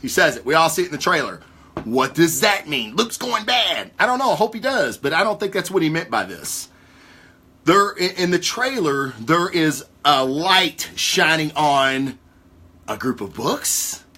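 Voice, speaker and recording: A man hosting a casual talk show, rambling through theories with live viewers in a profane, excitable way. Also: fairly high pitch, normal speed, slightly rough. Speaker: podcast host.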